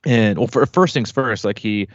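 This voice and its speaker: A man in his thirties hosts a triathlon podcast, telling a rambling story stuffed with "like" and "you know" in a casual, chatty way. His voice sits on the low side and moves at a normal speed. The recording is dry with no echo and sounds slightly muffled.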